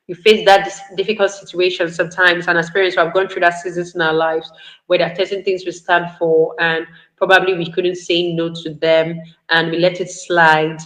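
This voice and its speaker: A woman's voice: on the low side, little pitch movement, normal speed, fairly bright tone, rough recording. Earnest woman giving parenting advice. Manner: earnest, repetitive instructive delivery. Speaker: parenting speaker. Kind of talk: parenting talk.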